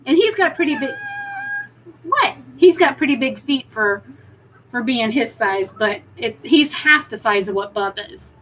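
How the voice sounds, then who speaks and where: Woman host, home live stream, slightly high voice, chatty and rambling, faint room hiss. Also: lively intonation, measured pace, fairly bright tone, rough recording. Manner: chatty, rambling, talks to her cat in baby talk. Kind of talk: casual live chat.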